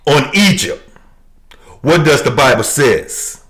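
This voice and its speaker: A male preacher delivering a sermon at a deliberate, unhurried pace. His pitch climbs and dips widely as he leans hard on repeated phrases, jumping from shouted lines to hushed, low ones. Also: sing-song. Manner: emphatic, swinging from shouts to low, quiet lines; repeats key phrases for emphasis.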